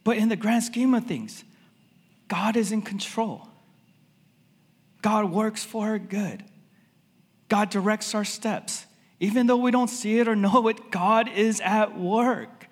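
A male pastor delivers a sermon in a relaxed, chatty way, dropping fillers as he goes. His voice sits high for a man. The sound carries a long reverb from a church hall. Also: slow, pauses often. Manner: casual, conversational preaching with many fillers.

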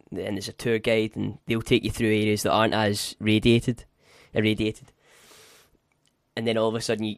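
A man's voice: fairly low pitch, no echo, studio quality. A man co-hosting a podcast, chatting casually, rambling and restarting his sentences, swearing now and then. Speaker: podcast co-host. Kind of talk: casual chat.

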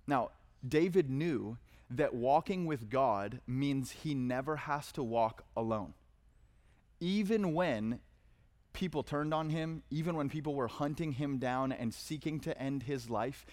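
A man's voice: medium pitch, a little mellow. A man preaching a conversational sermon, reading verses with dramatic emphasis. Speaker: pastor.

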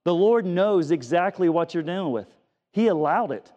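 A man's voice: high voice, animated, moderate pace, a little mellow, dull audio. A middle-aged male preacher giving a conversational sermon, often repeating words and telling stories from his own life. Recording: long reverb of a church hall.

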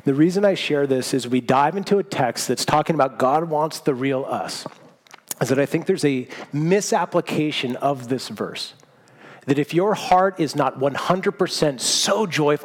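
A man preaching a sermon, telling a personal story in a lively, self-mocking way. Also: on the high side, normal speed. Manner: animated storytelling, self-mocking, laughs at himself. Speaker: pastor. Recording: long hall reverb.

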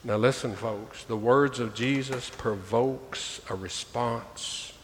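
A male pastor delivers a sermon, reading scripture with emphatic swells and calling out to his "folks." His mid-pitched voice rings with a long hall reverb over faint ambient noise. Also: takes it slowly. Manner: preaching, reading scripture aloud with emphatic rises; addresses listeners as "folks".

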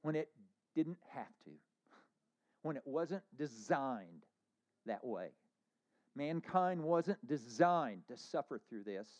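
A man preaching a sermon as pastor, earnest, moving between hushed lines and emphatic ones. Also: mid-range voice, highs cut off.

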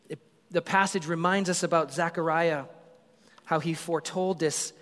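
High-voiced animated preacher in a hall. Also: male voice, normal speed. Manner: animated storytelling, acts out crowd voices. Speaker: pastor. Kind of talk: sermon.

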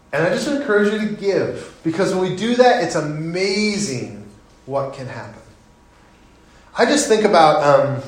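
A middle-aged man preaches in an earnest, conversational way, leaning in to encourage his congregation. His voice sits a little high for a man. The church sanctuary adds a heavy echo. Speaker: pastor. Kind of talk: sermon. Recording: very echoey sanctuary.

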